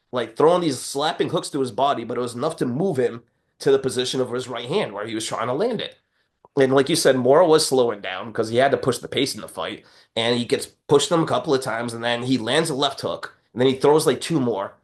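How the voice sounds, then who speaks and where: A man in casual podcast chat who tells stories with lively, animated energy. He acts out what others said and swears freely as he gets worked up. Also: mid-range voice. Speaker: podcast co-host.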